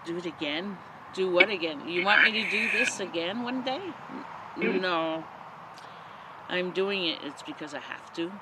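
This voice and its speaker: A woman hosts a paranormal vlog from a forest beside a road at night, with passing traffic audible in the outdoor recording. Her voice is lowish and animated, and she sounds nervous but unhurried as she asks spirits short questions.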